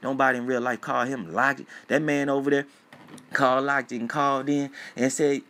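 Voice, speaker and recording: Brief: adult man, loud profane livestream rant, mid-pitched voice. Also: steady tone, brisk. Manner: loud, emphatic, profane, repetitive. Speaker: livestream commentator. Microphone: phone.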